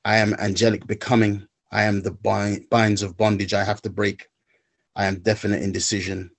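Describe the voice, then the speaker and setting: A man reciting a spoken word poem in a measured, rhythmic way, then talking haltingly about his own recovery steps. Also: lowish voice, flat delivery. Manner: halting, searching for words.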